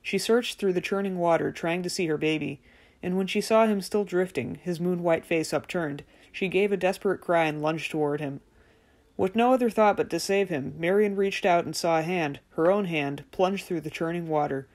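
A woman narrating a fairy tale audiobook in a measured, gentle storytelling manner. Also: fairly low pitch. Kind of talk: scripted narration.

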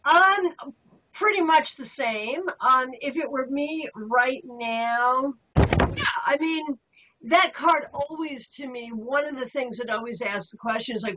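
Brief: higher-voiced woman, enthusiastic tarot show host, dull lo-fi sound. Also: slow, background noise. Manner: affirming, enthusiastic interviewer. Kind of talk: casual chat about tarot. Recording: dull lo-fi audio.

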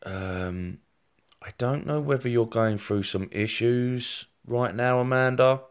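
A man's voice: mid-range voice, slow, clear, resonant tone. A man giving a rambling live-streamed psychic reading, talking straight to viewers with many fillers and restarts. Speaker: psychic medium.

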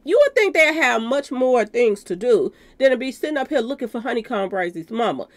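Animated woman hosting a gossip channel. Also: a little high, a little fast. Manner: talks straight to viewers, calling them y'all. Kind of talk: commentary on a news clip.

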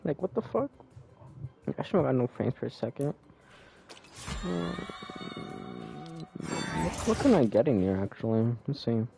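A young man giving loud, swearing, exasperated commentary while playing a game. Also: medium pitch, very animated, a little slow, vocal fry, long pauses, soft background music. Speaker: gamer streamer. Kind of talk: casual gameplay commentary.

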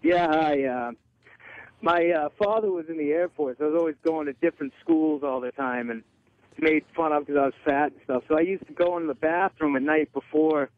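A man's voice: a little high, moderate pace, no echo. Matter-of-fact man calling a radio show. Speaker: caller. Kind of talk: phone-in story. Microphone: telephone. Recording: dull phone-in line.

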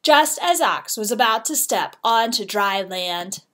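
Lively, bright-voiced woman reading a storybook. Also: unhurried. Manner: expressive, dramatic shifts in pitch and loudness. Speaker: teacher reading aloud. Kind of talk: children's storybook read-aloud.

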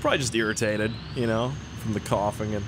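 Excitable young man with a cold. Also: fairly low pitch, fast talker, noisy background. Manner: rambling, excitable, jokey. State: has a cold, coughing. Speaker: gaming video host. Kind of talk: casual gameplay commentary.

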